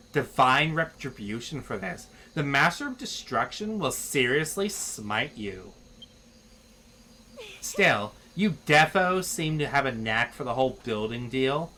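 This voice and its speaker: A man's voice: a little high, bright, forceful tone, a little hiss or hum, full character voice. A man voicing a bubbly young woman soldier who talks in upbeat valley girl slang.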